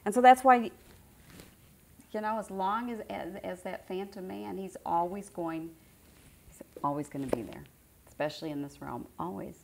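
A woman's voice: lowish voice, normal speed, vocal fry, long pauses, darkish tone, a little hiss or hum. A middle-aged woman giving an informal spiritual teaching to a group, conversational and repeating phrases for emphasis.

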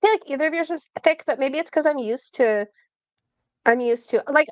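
A woman co-hosting a livestream, chatting in an excitable way with frequent laughs. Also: high voice, brisk, dry recording. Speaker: co-host. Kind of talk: casual livestream chat.

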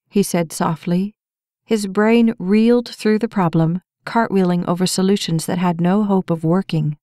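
A woman narrating a romance audiobook with even, measured storytelling. Her voice sits a little low. The sound is close and dry, with no room in it. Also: no room sound. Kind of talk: scripted narration.

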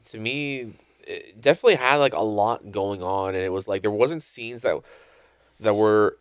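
A man's voice: on the low side, normal speed, clean tone, dry recording, clean studio sound. A man co-hosting a podcast in casual chat, rambling with many restarts. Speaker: podcast co-host.

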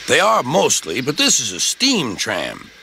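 A man voicing a kindly, stout older gentleman who speaks courteously and gently explains things. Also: mid-range voice, wildly swooping pitch, measured pace, creaky, background noise, pitched above the performer's own voice, exaggerated voice.

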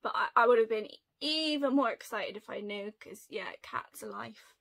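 Young woman, unboxing vlog, bright forceful voice, slightly high, gushing and excitable. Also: moderate pace, gravelly. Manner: gushing, excitable, gasping with delight. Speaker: unboxing vlogger. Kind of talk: casual unboxing chat.

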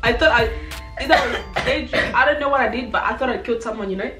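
A young woman telling a childhood story in an animated, casual way, acting out the people in it. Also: fairly high pitch, fast. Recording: roomy, distant mic, loud background music.

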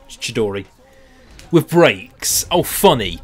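A young man giving let's play commentary, excitable, swearing at the game and laughing it off. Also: on the low side, moderate pace, soft background music. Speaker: gaming YouTuber.

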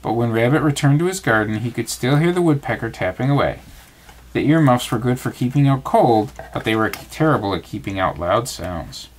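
A father reading a storybook aloud to his child at bedtime, expressive and storytelling. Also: mid-range voice, fairly quick, a little hiss or hum.

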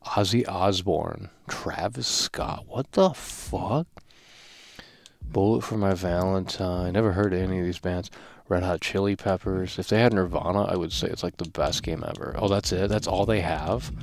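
A man streaming a wrestling video game, trash-talking the screen with lots of swearing, swinging from yelling to low muttering. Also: normal speed, creaky, dry recording. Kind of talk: casual live-stream commentary.

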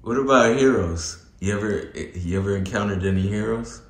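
Casting note: low, slow-talking male host, laid-back and profane, a bit off-mic in an echoey room. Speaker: interviewer. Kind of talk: casual interview.

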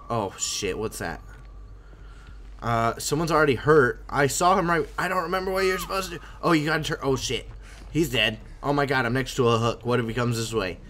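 A young man talks through a horror game at home, his voice bright and bouncing over a wide pitch range. He gets jumpy and panicky, breaking into yelps when something scares him. A faint hiss sits under the recording. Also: animated, moderate pace. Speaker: gaming channel host. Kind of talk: let's play commentary.

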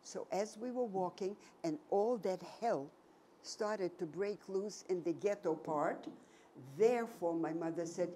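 A woman in her nineties giving a personal testimony to an audience, telling her story slowly and emphatically with many repetitions. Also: lowish voice, dark tone, a little hiss or hum. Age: 90s. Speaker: Holocaust survivor giving a talk.

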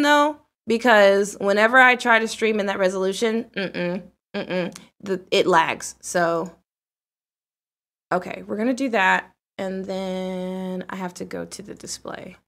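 A woman game streamer chatting casually and excitedly with her live chat while setting up a game. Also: on the high side, vocal fry.

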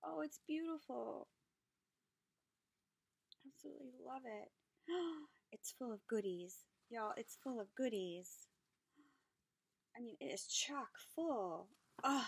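Woman craft vlogger, slightly high, dry close sound, gushing unboxing delight. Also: animated, slow pace, vocal fry, long pauses, breathy edge, dry recording. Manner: gushing and delighted, with gasps and soft whispered asides. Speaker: craft channel host. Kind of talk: unboxing craft mail, casual chat.

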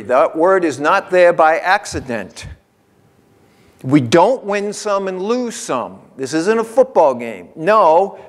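A male pastor preaching a sermon in a church, talking conversationally and driving points home by repeating them. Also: fairly high pitch. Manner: conversational preaching with emphatic repetition. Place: church sanctuary.

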